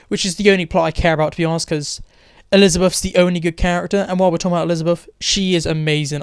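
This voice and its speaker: A man's voice: high voice, clean tone, dry recording, studio quality. A man giving a blunt, opinionated and sarcastic casual review of a TV episode. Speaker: TV show reviewer.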